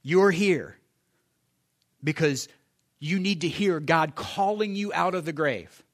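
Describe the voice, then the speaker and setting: A man's voice: fairly high pitch, slow pace. Man preaching a sermon, up and down. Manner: conversational preaching with rhetorical questions, swings between loud and soft. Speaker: pastor.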